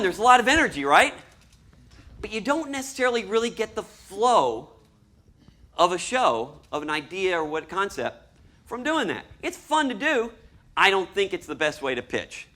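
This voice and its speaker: A man giving a lively talk to an audience as a storyboard artist, acting out scenes as he explains them. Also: high-pitched. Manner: animated, acts out scenes and voices.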